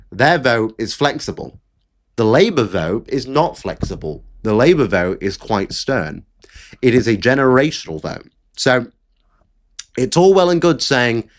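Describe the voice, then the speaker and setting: A man giving blunt, exasperated solo political commentary, with the odd swear word. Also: medium pitch. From Britain.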